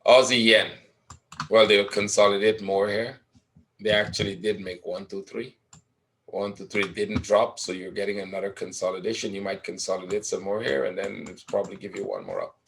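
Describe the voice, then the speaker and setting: A man's voice: fairly low pitch, little pitch movement, normal speed, vocal fry, fairly bright tone. A man teaching forex trading in a live webinar, talking casually through chart patterns and often checking in with "right?".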